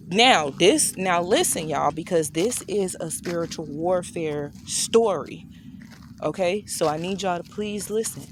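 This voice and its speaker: Chatty woman telling a storytime. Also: slight background noise. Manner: chatty, addresses viewers directly; acts out quoted dialogue with shifting pitch. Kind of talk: casual storytime.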